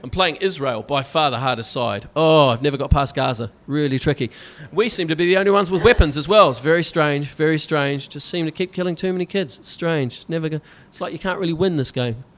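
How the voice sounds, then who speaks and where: Scottish guy doing standup, a bit high-voiced, sarcastic, keeps going right?. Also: brisk, hardly any pauses. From Scotland. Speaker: stand-up comedian. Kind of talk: stand-up comedy.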